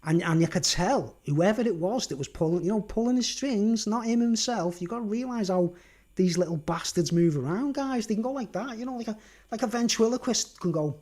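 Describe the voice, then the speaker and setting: Brisk and animated, with a high-sitting, darkish voice, a Merseyside man tells a long story from home in a casual livestream monologue. He stresses each point emphatically and checks in with the listener, asking "right?" and "do you understand?" again and again.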